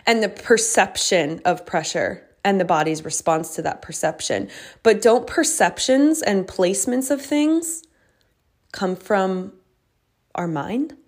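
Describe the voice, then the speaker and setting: Woman, young adult, solo podcast host and coach; chatty, reflective delivery, medium pitch. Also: expressive, slow pace. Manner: chatty and reflective, many "like" fillers and restarts. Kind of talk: casual solo podcast monologue.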